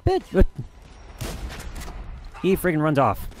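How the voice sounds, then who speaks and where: A man from Michigan giving excitable, mildly profane commentary while live streaming a video game. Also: on the high side, slow pace. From Michigan, USA. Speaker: gaming streamer. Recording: game noise underneath. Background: game sounds.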